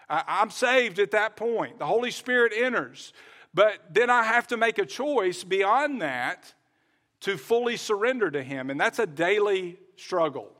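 A man's voice: sits high, pushed and bright. A man preaching a sermon, earnest, repeating key phrases and restarting now and then. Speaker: pastor.

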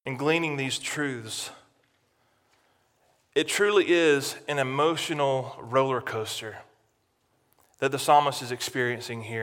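A man preaching a sermon as pastor, dramatic, swinging from loud to near-hushed. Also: mid-range voice, in a large hall.

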